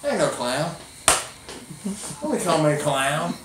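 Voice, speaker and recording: A man's voice: a little high, sing-song, slow, noisy background. A man performing as a children's clown and magician, teasing and coaxing a child in folksy playful banter. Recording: echoey room, mic far off.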